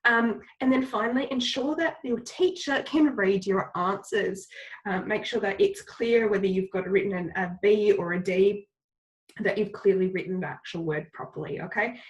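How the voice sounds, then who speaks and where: A woman's voice: mid-range voice, normal speed, rough recording. A woman teacher with a cold, giving patient, step-by-step instructions in a recorded lesson and repeating the key points. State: has a cold, coughing.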